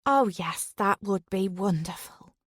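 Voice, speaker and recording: A woman's voice: mid-range voice, lively intonation, a little slow, no echo, studio quality. A woman voicing a cheerful, chirpy middle-aged mother in an audiobook.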